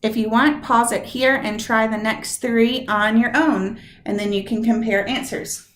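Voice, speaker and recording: A woman's voice: on the high side, steady tone, unhurried. A woman teacher giving a recorded poetry lesson, stretching out words and syllables to show where the stress falls. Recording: echoey room.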